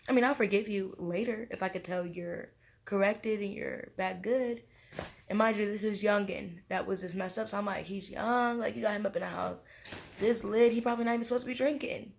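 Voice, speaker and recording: Tipsy young woman telling a story, gravelly. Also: medium pitch, normal speed. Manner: animated, slangy storytelling with acted-out quotes. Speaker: vlogger. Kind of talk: casual storytime monologue.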